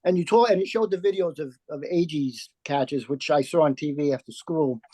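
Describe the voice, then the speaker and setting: A man's voice: on the high side, normal speed, warm tone, no echo. A man in his seventies reminiscing in a rambling way as an audience member on a video call. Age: 70s. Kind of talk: casual remarks on a video call.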